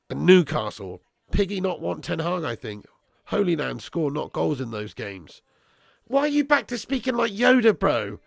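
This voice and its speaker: Gravelly lad streaming football chat. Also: male voice, fairly high pitch, dry recording, clean studio sound. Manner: swearing, banterous, calls viewers lad and bro. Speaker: watch-along streamer reading live chat. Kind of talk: casual football watch-along chat.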